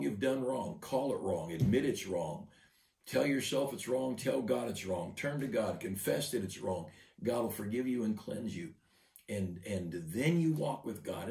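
A man's voice: mid-range voice, creaky, a little mellow, roomy sound, distant mic. A man, a pastor, giving an earnest devotional sermon and often repeating words as he builds a point.

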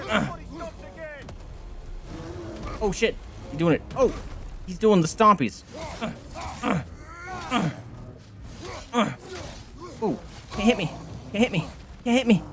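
Excitable gaming streamer man. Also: high-pitched. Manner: excitable, shouting reactions during a fight. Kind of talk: let's-play commentary. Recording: game music underneath.

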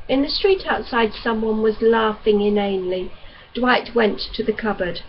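A woman audiobook reader narrates a novel evenly and without hurry, her voice at a medium pitch. The recording is dull and lo-fi, with a faint hiss underneath.

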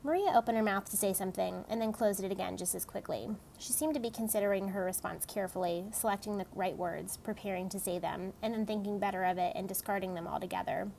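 A woman reading a novel aloud in a steady, plain storytelling manner. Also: mid-range voice, fast talker, gravelly, few pauses, a little hiss or hum, rough recording. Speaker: audiobook reader.

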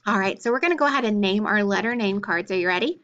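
A woman teaching a phonics lesson to children, spelling out letters and sounds clearly and praising often. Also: mid-range voice, expressive, quick pace, a bit bright. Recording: dull lo-fi recording.

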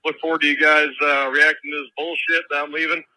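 A truck driver leaves a voicemail from his cab, putting on a made-up accent. He rambles and swears casually. His voice is high-ish, very bright and dry. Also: little pitch movement, fast, dry recording, low-quality recording. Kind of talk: voicemail message. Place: truck cab while driving.

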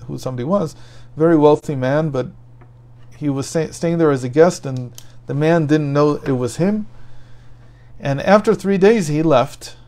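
A Torah teacher with a fairly high-pitched, dark-toned voice tells a story during a daily Torah lesson. He thinks aloud as he goes and keeps restarting his phrases.

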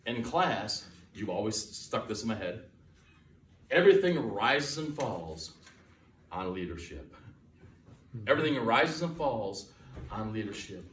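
A man's voice: medium pitch, fairly bright tone, far from the mic, a little hiss or hum. Emphatic male preacher in echoey church. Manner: emphatic, repeats key lines, folksy asides. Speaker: guest pastor. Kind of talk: sermon. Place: church sanctuary.

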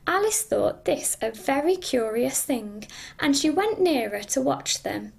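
A woman's voice: high-pitched, unhurried, gravelly, breathy edge. A middle-aged woman, a primary school teacher, reading a storybook aloud expressively. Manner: expressive, does character voices.

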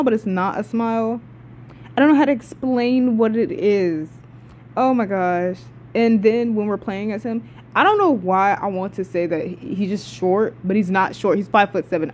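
A young woman excitedly reviewing video game characters in a casual, rambling, profane way, often cutting herself off mid-sentence. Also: medium pitch. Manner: excitable, rambling and profane, with frequent swearing and self-interruptions.

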